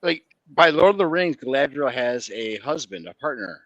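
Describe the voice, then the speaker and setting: A man with a mid-range, bright and forceful voice, recorded dry and close. He tells his take in an animated, storytelling way. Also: mid-range voice, moderate pace, no echo, muffled recording. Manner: animated, lore-minded storytelling. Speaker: podcast co-host. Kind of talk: casual review chat.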